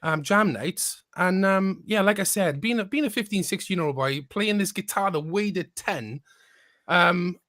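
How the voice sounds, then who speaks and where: Eager podcast host. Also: male voice, high voice, normal speed, a bit bright, no room sound. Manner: enthusiastic, eager storytelling. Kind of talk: casual chat.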